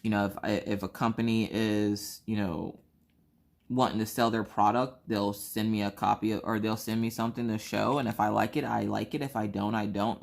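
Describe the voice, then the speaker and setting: A woman's voice: very deep voice, vocal fry. A woman hosting a crafting channel, telling a story in casual chat and acting out both sides of conversations.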